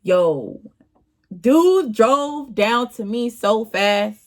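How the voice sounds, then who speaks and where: A woman's voice: fairly high pitch, lively intonation, extremely slow. A young woman vlogger telling a storytime in a casual, slangy, exasperated way.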